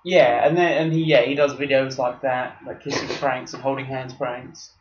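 A man's voice: mid-range voice, flat delivery, moderate pace. A young man co-hosting a casual podcast, telling a rambling anecdote full of fillers and laughs. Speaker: podcast co-host. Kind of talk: casual chat. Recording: echoey room, dull sound with faint noise.

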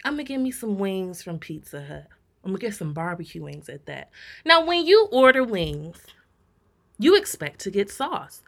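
Animated, blunt young woman ranting. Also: medium pitch, moderate pace, creaky. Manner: blunt, profane, animated storytelling. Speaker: podcast co-host. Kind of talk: casual chat rant.

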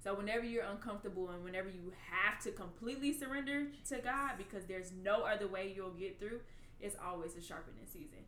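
A woman hosting a casual faith conversation who affirms her guest and asks gentle questions. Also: mid-range voice, fast talker, hardly any pauses. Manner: affirming, encouraging interviewer. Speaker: podcast host. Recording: echoey room, faint noise.

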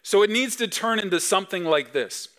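A man in his thirties, a pastor preaching a sermon with emphatic swings between loud and soft. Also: sits high, expressive, fairly quick. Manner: acts out dad talking to his kids.

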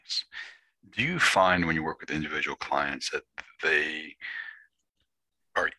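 A man's voice: rumbling low, a little slow, sharp tone, no echo, poor audio. A man hosting an interview, asking long, thoughtful questions in a curious, affirming way. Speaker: podcast host, interviewer. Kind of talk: conversational interview.

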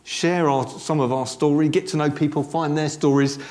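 A man preaching a sermon in a conversational, animated way, dropping joking asides to a congregation that answers back. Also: fairly high pitch, normal speed. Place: church service with congregation responding.

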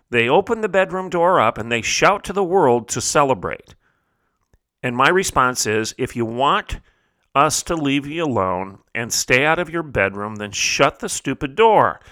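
A middle-aged man hosts a talk show in a bright, forceful voice. He builds his monologue with emphatic, preacherly rhetorical questions. The studio sound is close and dry. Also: mid-range voice, animated, a little slow, no echo. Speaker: radio talk show host.

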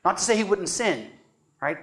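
A man's voice: high voice, big pitch swings, normal speed, fairly bright tone. A man preaching a teaching sermon, earnest and emphatic, stressing key words and checking in with "right?".

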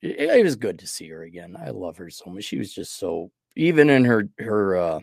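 A man's voice: on the low side, wildly swooping pitch, normal speed, gravelly, darkish tone, husky, no room sound, clean studio sound. A man hosting a podcast, talking casually in a rambling, self-deprecating way while sick with a cold. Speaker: podcast host. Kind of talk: casual monologue.

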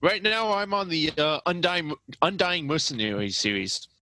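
A man's voice: a little high, expressive, moderate pace, bright, forceful tone, dry recording, poor audio. A man chatting casually on a podcast, hesitant with many ums and uhs. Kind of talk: casual chat.

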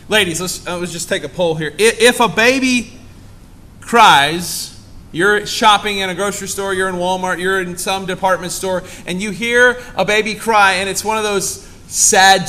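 Animated high-voiced man preaching. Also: normal speed, a little hiss or hum. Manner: animated, acts out quoted voices in high pitch. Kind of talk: sermon.

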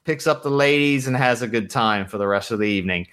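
A man narrating as game master of a tabletop game, relaxed with lots of fillers and laughs. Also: medium pitch, quick pace, clear, resonant tone.

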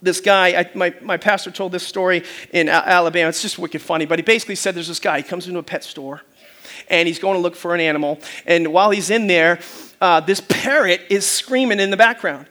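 Male pastor, very high voice, sermon, storytelling, loud bursts, call-and-response. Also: fairly quick.

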